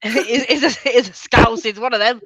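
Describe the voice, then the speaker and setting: A woman's voice: fairly high pitch, steady tone, moderate pace, fairly bright tone, no room sound. A woman from northern England with a Yorkshire accent, chatting casually on a video call, laughing often and swearing freely. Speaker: reading sprint co-host. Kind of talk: casual group video chat.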